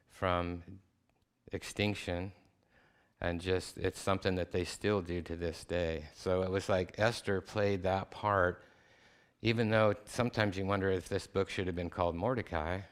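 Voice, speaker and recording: A man's voice: low-pitched, smooth. A male guest speaker giving a chapel sermon, retelling a scripture story in casual, everyday slang.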